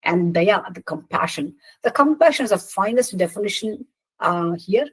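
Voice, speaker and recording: A woman giving a devotional talk that retells a scripture story. She speaks earnestly and stresses the dialogue gently. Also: mid-range voice, expressive, normal speed, breathy edge, rough recording.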